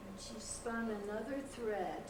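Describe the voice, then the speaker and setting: An older woman, a grandmother, slowly reading a picture book aloud to a child with gentle pauses. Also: mid-range voice. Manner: slow, gentle storytelling with pauses. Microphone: home video camera across the room. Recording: echoey room, distant camcorder mic, noise.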